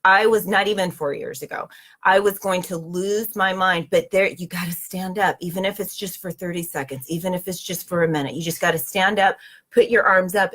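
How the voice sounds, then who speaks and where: A woman's voice: fairly low pitch, fairly even intonation, brisk, fairly bright tone. Earnest woman giving spiritual encouragement. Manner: earnest, repeating affirmations; speaks straight to listeners as sisters. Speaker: inspirational host. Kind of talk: spiritual motivational talk.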